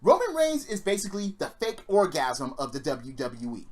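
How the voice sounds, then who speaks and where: A wrestling vlogger rants in a fury, swearing constantly and sneering sarcastically. The pitch swings a lot, leaping up on the angry outbursts and sinking on the muttered asides. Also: wildly swooping pitch, moderate pace. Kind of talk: profane opinion rant.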